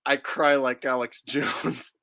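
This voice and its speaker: A man's voice: medium pitch, fairly even intonation, takes it slowly, gravelly, bright, forceful tone. A man chatting casually as a comedian, boastful and laughing at his own jokes.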